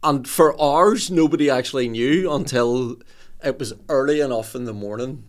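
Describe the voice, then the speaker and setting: A man, telling a story in relaxed podcast chat. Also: medium pitch, moderate pace. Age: 40s. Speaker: podcast host.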